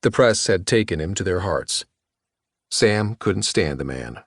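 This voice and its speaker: A male narrator reads a novel aloud in a measured, even delivery. His voice sits low and the recording is close and dry. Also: dry recording. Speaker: audiobook narrator. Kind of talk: scripted narration.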